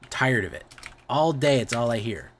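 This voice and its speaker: A man's voice: fairly low pitch, expressive, quick pace, fairly bright tone, a little hiss or hum. A man streaming, chatting casually, rambling and often correcting himself, with a lot of swearing.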